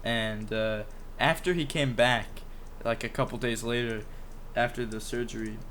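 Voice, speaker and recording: A man's voice: mid-range voice, steady tone, measured pace, a bit bright, a little hiss or hum. A young man co-hosting a podcast, telling a pet story in a rambling, casual way with lots of fillers, restarts and swearing. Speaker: podcast co-host. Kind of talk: casual chat.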